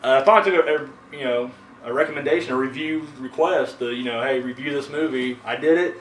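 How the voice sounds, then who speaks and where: A man's voice: mid-range voice, quick pace, a bit bright. A man hosting a horror movie review show, chatting casually and rambling with lots of fillers and swearing. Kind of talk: casual chat. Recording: echoey room from a distance with faint noise.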